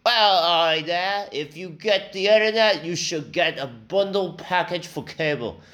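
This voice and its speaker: A man's voice: sits high, unhurried, fairly bright tone, pitched above the performer's own voice. A man voicing a pushy, nosy British internet salesman in an exaggerated mock British accent.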